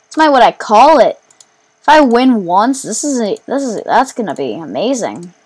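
A woman giving let's play commentary while gaming, excitable, rambling and quick to mock herself. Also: fairly high pitch, husky. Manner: excitable, self-mocking, rambling. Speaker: gamer.

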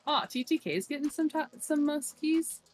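A chatty woman streamer talking casually over a game, swearing freely and reading out chat messages. Her voice sits a little high, with faint music in the background. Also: lively intonation, normal speed.

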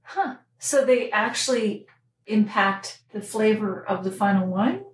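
A woman's voice: mid-range voice, animated, a little slow, roomy sound, poor audio. A woman hosting a podcast, asking curious questions and prompting her guest. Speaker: podcast host. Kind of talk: conversational interviewing.

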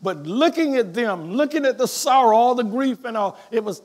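A man preaching a sermon as pastor, reading scripture aloud and swinging between quiet reflection and loud emphasis. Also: extremely high pitch, lively intonation, moderate pace, few pauses.

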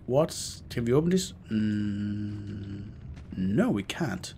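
A man's voice: lowish voice, lively intonation, very slow, warm tone, slight background noise. A man with a Scandinavian accent, a gaming host muttering, groaning and swearing through a horror let's play. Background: game music.

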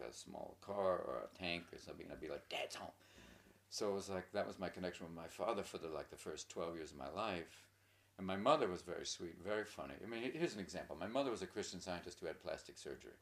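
A man in his sixties, a guest in a casual interview, rambling and joking, slipping into quick little voices as he tells stories. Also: low-pitched, expressive, vocal fry, a bit bright. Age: 60s.

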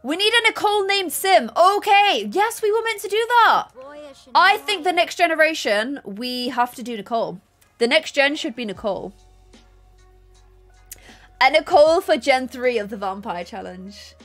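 A woman's voice: sits high, expressive, normal speed, fairly bright tone, soft background music. A woman live-streaming a game, chatting and gushing thanks to her chat. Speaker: gaming streamer.

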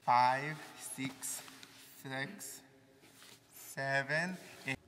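A man voicing a gruff army major with a fake foreign accent who enjoys failing cadets, speaking slowly and flatly. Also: mid-range voice, in a large hall, slight background noise, pitched above the performer's own voice. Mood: counting. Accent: put-on foreign accent. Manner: slow, deadpan counting of push-ups.

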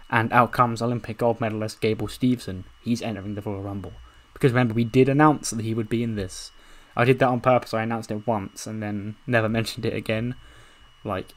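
Excitable man narrating a game's story. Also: fairly low pitch. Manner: excited, swearing, laughing at his own story. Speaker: video game commentator. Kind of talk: casual narration of a wrestling game.

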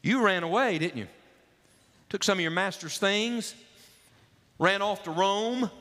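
A preacher putting on a nosy, high-voiced road traveler. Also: male voice, a little slow, sharp tone, long reverb tail. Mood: curious. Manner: nosy, prying questions, folksy. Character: curious talkative male traveler on a road.

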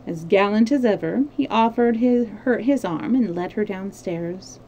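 A woman reading a novel aloud on a live stream, unhurried, with small slips she corrects as she goes. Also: medium pitch, dark tone, a little hiss or hum, poor audio. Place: home streaming setup.

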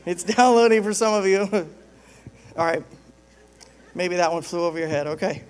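High-voiced joking pastor. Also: male voice, moderate pace. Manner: joking, conversational storytelling. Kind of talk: sermon.

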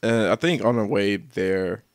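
A man's voice: lowish voice, animated, a little slow, gravelly, dry recording, studio quality. A man co-hosting a casual podcast chat, retelling a story in a laid-back, plain-spoken way with casual swearing. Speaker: podcast co-host. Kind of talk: casual chat recapping a manga.

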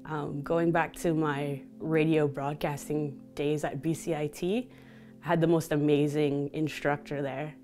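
Low-voiced woman telling her story. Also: flat delivery, a little slow, dark tone, faint music behind. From Canada (Vancouver). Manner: open, reflective storytelling with frequent laughter. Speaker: interviewee, DJ and motivational speaker. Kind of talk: candid personal interview.

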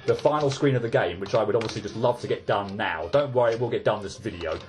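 A man's voice: on the low side, fast, faint music behind. A man giving casual gameplay commentary, ranting in exasperation and stumbling over repeated restarts. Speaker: let's play gamer.

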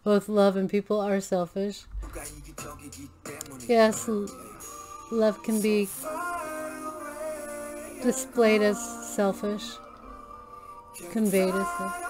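A woman's voice: mid-range voice, flat delivery, takes it slowly, pauses often, music in the background. A woman hosting a reaction video, gushing and thinking aloud with many restarts and fillers. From Filipino American. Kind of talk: casual reaction commentary.

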